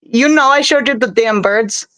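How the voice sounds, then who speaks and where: A woman's voice: on the high side, moderate pace, a bit bright, rough recording. A woman hosting a casual live stream from her bedroom by an open window, chatty and rambling, laughing often.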